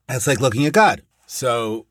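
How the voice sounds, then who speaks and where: A man's voice: mid-range voice, lively intonation, moderate pace, no room sound, clean studio sound. A man teaching a text-study lesson in a digressive, explanatory way, reading short Aramaic phrases aloud and then glossing each in English. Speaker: Talmud teacher.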